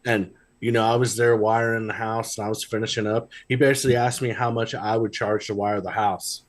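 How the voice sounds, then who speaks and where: Man co-host with a lower voice, rambling casual storyteller. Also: level tone, fairly quick. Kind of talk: casual chat.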